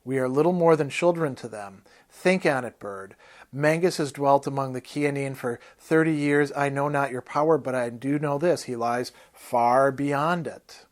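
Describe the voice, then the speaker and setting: A man's voice: medium pitch, moderate pace, lightly acted. A fierce barbarian warrior speaks bluntly and with open contempt, as though he is lecturing a fool. A man reads the part aloud. His tone stays hard and dismissive throughout. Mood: scornful.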